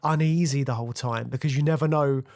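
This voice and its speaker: A man's voice: mid-range voice, steady tone, quick pace, a little mellow. A man co-hosting a film podcast, talking casually and rambling with lots of fillers. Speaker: podcast co-host.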